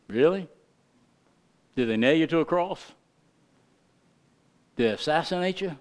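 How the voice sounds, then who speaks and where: Preaching with fervent emphasis, a middle-aged pastor alternates between rising, loud passages and soft, hushed ones. He speaks on the high side, animated and unhurried, pausing often.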